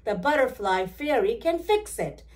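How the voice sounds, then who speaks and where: A woman voicing a cheerful, curious little girl doll in a high, eager childlike voice. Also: big pitch swings, a little slow, darkish tone.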